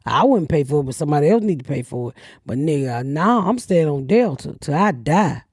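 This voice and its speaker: A middle-aged woman hosting a comedy podcast, telling stories bluntly with lots of cursing and loud acted-out quotes. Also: sits low, big pitch swings, fairly quick, slightly rough, no echo, studio quality. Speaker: podcast host. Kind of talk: casual comedic chat.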